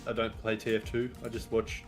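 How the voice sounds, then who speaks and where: A man's voice: lowish voice, monotone, a little fast, faint music behind. Dry, teasing man in casual banter. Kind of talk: casual livestream chat.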